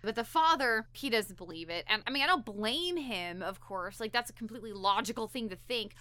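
Bright-voiced chatty woman recapping an episode. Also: on the high side, fairly quick, dry recording. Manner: animated, talkative, lots of "like" and restarts. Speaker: podcast co-host. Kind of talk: casual podcast episode recap.

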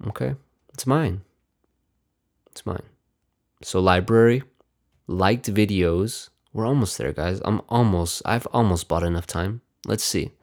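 A man with a lowish, somewhat mellow voice talks a little slowly, leaving long pauses. Hosting his own podcast, he rambles casually, swears constantly, mocks himself, and calls his listeners "dude" and "bro."

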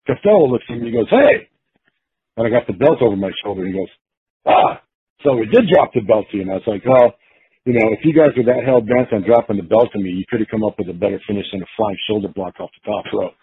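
Guy with a kinda husky low voice telling a story, restarts a lot, sounds like a phone line. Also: fast. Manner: animated storytelling, acts out quotes, many restarts. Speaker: guest storyteller. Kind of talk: casual anecdote telling.

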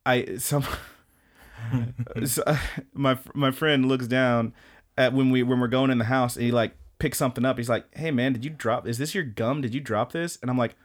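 A man's voice: mid-range voice, fairly even intonation, normal speed. A man co-hosting an anime podcast, telling rambling stories in casual chat, swearing often and acting out what people said. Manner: rambling storyteller, swears a lot, acts out quotes. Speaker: podcast co-host.

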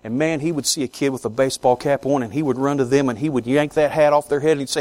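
A man preaching a sermon to his congregation, earnest, with slow emphatic stresses on key words. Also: mid-range voice, steady tone, a little mellow, no echo, clean studio sound. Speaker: pastor.

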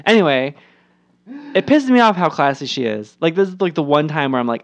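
A man chatting casually as a podcast co-host, animated and profane, often slipping into quick impressions. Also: on the high side, lo-fi sound. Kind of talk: casual chat.

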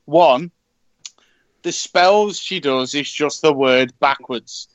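A man's voice: fairly high pitch, slow pace, no room sound, muffled recording. A man co-hosting a podcast in casual chat, rambling with many restarts. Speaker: podcast co-host.

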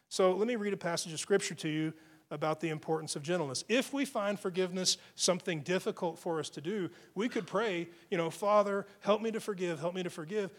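Male pastor, chatty sermon delivery, voice a touch on the higher side, restarts phrases often. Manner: conversational storytelling, frequent restarts.

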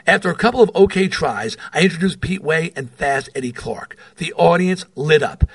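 A man's voice: fairly high pitch, vocal fry, breathy edge, no room sound. A middle-aged man from New York hosting a podcast, reading from his memoir and telling rock stories with wry, profane asides. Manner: animated storyteller, wry and profane, with asides off the page.

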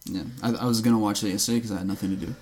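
A man's voice: lowish voice, steady tone, rapid-fire, a little mellow, breathy edge. A young man, co-hosting a podcast in a laid-back, teasing way and swearing casually. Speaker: podcast co-host. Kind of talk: casual chat.

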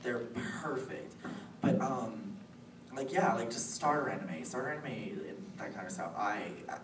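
A woman's voice: very deep voice, animated, normal speed. A woman in her late twenties chatting in a bubbly, giggly way as a guest on a convention panel. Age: late 20s. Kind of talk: casual panel chat. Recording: echoey room recorded from far off with noise.

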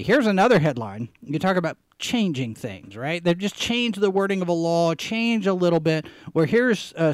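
A man with a fairly high voice hosts a live podcast in casual commentary mode, sounding close and dry. He rambles, piles on fillers and hammers points home by repeating them, over faint guitar music. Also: no echo. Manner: rambling, with emphatic repetition and many fillers. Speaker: host and editor of a live podcast show.

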